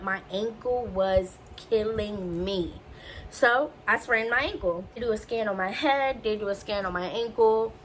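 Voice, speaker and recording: A woman's voice: mid-range voice, poor audio. A young woman tells a personal story straight to her viewers in a loose, chatty way. She slips into other people's voices when she quotes them. A faint background hum sits under her voice. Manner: chatty, animated, acts out quotes. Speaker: vlogger. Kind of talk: casual storytelling.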